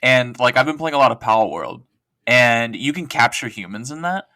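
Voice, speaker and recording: Male podcast guest, bright tone, rambling and self-mocking, dry sound. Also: medium pitch, animated, moderate pace, no echo. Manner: rambling, self-deprecating storyteller. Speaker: podcast guest, co-host of another show. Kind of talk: casual podcast chat.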